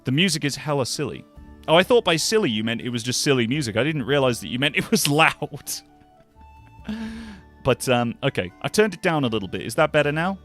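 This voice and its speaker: A man's voice: mid-range voice, lively intonation, brisk, fairly bright tone. A man streaming a cozy video game, chatting with viewers in a joking, self-deprecating way, with game music playing behind. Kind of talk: casual game-stream chat.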